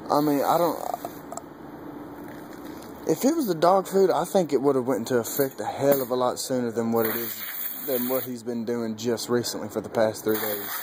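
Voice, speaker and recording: A man's voice: medium pitch, moderate pace. Rambling, cursing young man outdoors. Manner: profane, rambling, laughs often, gets animated retelling. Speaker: vlogger. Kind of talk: casual rambling vlog. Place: outdoors by a dog cage. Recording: noisy outdoor ambience.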